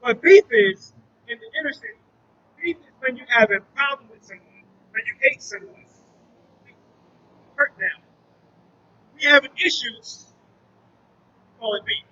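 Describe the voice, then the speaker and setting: A man with a very high, bright, forceful voice gives an earnest personal testimony to a church crowd. He tells his story as a storyteller, acting out the conversations. The recording is dull and lo-fi. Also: animated, unhurried, pauses often, a little hiss or hum. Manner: earnest storytelling that acts out dialogue. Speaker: former drug trafficker, now youth mentor.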